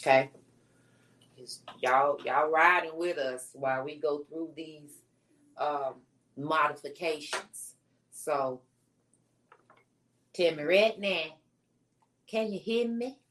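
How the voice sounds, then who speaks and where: A woman's voice: sits low, takes it slowly, pauses often, fairly bright tone, slight background noise. A woman co-hosting a casual live-stream chat, talking in a laid-back, slangy way. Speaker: co-host.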